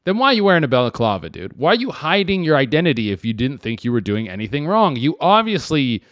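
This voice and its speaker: A young man hosting a comedy podcast, riffing casually and acting out characters in quick put-on voices. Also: mid-range voice, big pitch swings, fairly bright tone, no room sound, muffled recording. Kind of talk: casual comic commentary.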